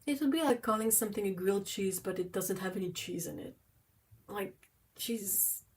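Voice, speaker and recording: A woman hosting a casual livestream from home, chatty and exclamatory with frequent laughs, cooing softly at her cats. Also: mid-range voice, moderate pace, low-quality recording. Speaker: livestream host.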